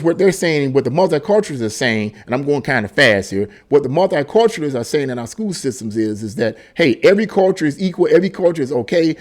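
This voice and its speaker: A middle-aged man giving a casual opinion monologue, emphatic and rambling, often restarting and repeating words. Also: fairly high pitch. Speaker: political commentary vlogger.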